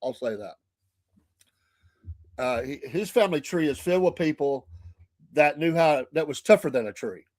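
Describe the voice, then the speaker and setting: A man's voice: a little high, animated, moderate pace, long pauses, darkish tone, no room sound, clean studio sound. A Southern American man hosting a morning livestream show, chatty and folksy, laughing often. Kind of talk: casual livestream chat. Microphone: streaming mic.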